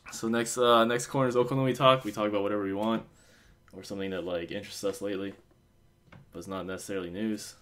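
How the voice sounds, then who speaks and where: A man's voice: fairly low pitch, steady tone, fast, a bit bright, a little hiss or hum. A man co-hosting a casual fan podcast, rambling with many fillers and restarts. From Osaka. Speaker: podcast co-host.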